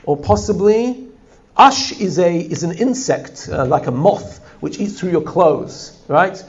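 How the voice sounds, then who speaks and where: This man's voice is high-pitched and unhurried, with the highs cut off in the recording. Teaching Torah text study, he translates each line in turn, animated and frequently asking his students "right?" to check they're following.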